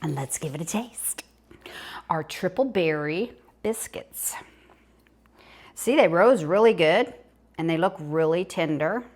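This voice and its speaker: Older Southern woman, home cook, chatty and folksy, lowish voice. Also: animated, slow, pauses often, darkish tone. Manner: chatty, folksy, talks while eating. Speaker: home cooking vlogger. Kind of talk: casual cooking demonstration.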